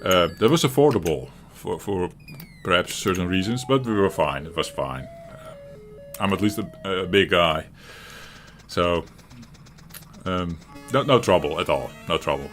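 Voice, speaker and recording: A man's voice: deep voice, expressive, a little slow, a bit bright, faint music behind. A man with a Dutch accent from the Netherlands, rambling chattily as he comments on a game he is playing. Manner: chatty and rambling, chuckling often, with frequent restarts. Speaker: retro gaming channel host. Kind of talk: casual gameplay commentary.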